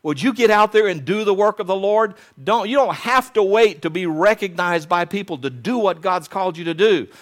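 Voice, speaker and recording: A man delivers a sermon in a fairly high voice. He talks conversationally to the congregation and builds to urgent, insistent exhortation. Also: normal speed, hardly any pauses. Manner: retells a story in a low, quiet voice. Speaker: pastor.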